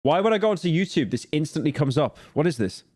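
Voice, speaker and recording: A man's voice: fairly high pitch, quick pace. Ranting British man streaming. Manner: ranting, swearing, animated. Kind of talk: casual reaction commentary.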